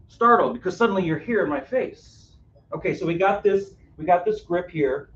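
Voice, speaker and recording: A man's voice: high voice, lively intonation, moderate pace, fairly bright tone, a little hiss or hum. Man teaching a roomy workshop, often asking "right?". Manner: engaging, asks the audience questions, frequent "right?". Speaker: caregiving workshop presenter. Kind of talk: live interactive workshop talk. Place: room on a cruise ship, live audience. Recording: roomy, distant, dull audio.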